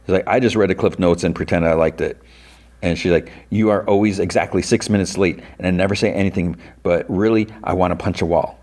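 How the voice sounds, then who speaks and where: Low-voiced man recapping a TV episode. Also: fairly even intonation, darkish tone. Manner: retells scenes with quick quoted lines, pitching up for characters. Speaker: podcast host.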